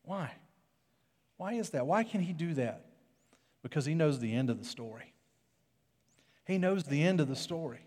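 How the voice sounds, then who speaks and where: A man preaching a sermon earnestly, moving between loud urging and soft, hushed passages. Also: fairly high pitch, animated, moderate pace, pauses often. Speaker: pastor. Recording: long hall reverb.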